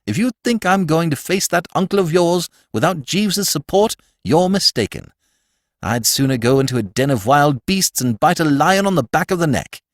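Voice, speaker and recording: A cheerful, breezy young gentleman from a storybook reading, chatty and upbeat, his voice leaping up and down, played by a male narrator. The recording is close and dry. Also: on the high side, expressive, normal speed, no room sound, voice pushed up, lightly acted. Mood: insistent.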